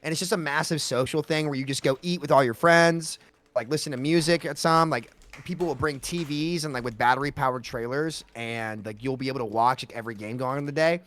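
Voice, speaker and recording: A man's voice: medium pitch, a little fast. A young American man co-hosting a casual podcast on a voice call, telling stories full of "like" and restarts. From United States. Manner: animated storyteller, lots of fillers. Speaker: podcast co-host. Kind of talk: casual chat.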